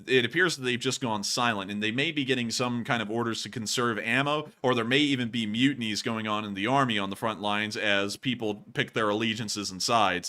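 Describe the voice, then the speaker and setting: A man with a bright, forceful voice hosts a casual livestream news commentary. He talks emphatically and with animation, and he breaks into laughter often. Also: medium pitch. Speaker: host.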